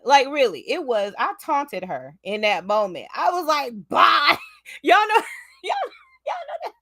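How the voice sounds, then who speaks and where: A woman tells a story to her viewers in a casual vlog, her high voice swooping up and down as she laughs and talks to them directly. The sound is close and dry, with no room around it. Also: unhurried, no echo. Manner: animated, laughs often, talks straight to her audience. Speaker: vlogger.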